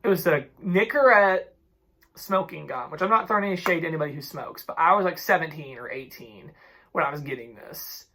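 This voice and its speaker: A young man in his twenties from Ohio, telling stories in a casual, chatty vlog with animated, exasperated energy. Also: a little high, a little fast, background noise. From Ohio, USA. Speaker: couponing vlogger.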